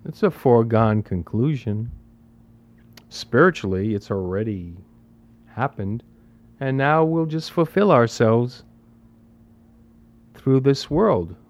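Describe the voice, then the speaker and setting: A man's voice: medium pitch, animated, takes it slowly, pauses often. A man giving a spiritual talk in a conversational, emphatic way, repeating phrases and asking rhetorical questions. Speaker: spiritual teacher.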